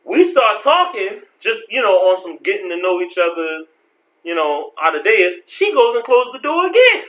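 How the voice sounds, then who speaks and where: A man telling a story from his life in a casual vlog, slangy and animated, acting out the people in it. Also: high-pitched, moderate pace. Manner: animated, slangy, acts out voices.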